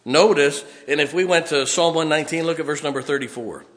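Fiery preacher with a bright voice. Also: male voice, on the high side, a little fast. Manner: emphatic, folksy, builds to loud peaks. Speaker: pastor. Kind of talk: fiery sermon. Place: church sanctuary.

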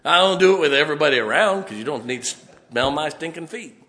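A man preaching a fiery, folksy sermon, building emphatically to loud peaks. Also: on the high side, expressive, fast, slight background noise. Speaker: pastor. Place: church sanctuary.

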